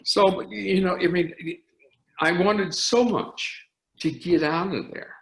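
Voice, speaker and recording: An older man, an orchestra conductor, telling animated anecdotes in an interview with frequent restarts. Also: high voice, slow, vocal fry. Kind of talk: storytelling interview. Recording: roomy echo.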